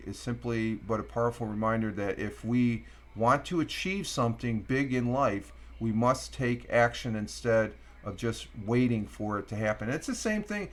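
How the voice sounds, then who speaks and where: A middle-aged man from Upstate New York hosting a casual morning live stream, rambling with many fillers and reading quotes out slowly. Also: mid-range voice, animated.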